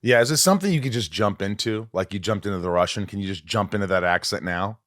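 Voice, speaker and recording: A man hosting a podcast interview, enthusiastic and chatty, often dropping into low confiding asides. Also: fast, a bit bright, dry recording, studio quality. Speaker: podcast host. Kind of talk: casual interview chat.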